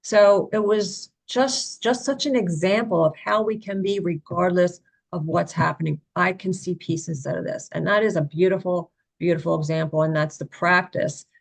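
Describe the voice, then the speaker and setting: A woman's voice: on the low side, normal speed, gravelly, few pauses. A woman sharing personal reflections in a casual, earnest way on a video call, with many "you know" fillers. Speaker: study group participant.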